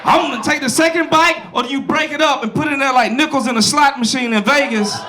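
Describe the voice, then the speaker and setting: A man performing a loud, crude stand-up comedy set on a club stage, animated and silly, with a laughing crowd behind him. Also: very high-pitched, fast. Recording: live club with crowd noise.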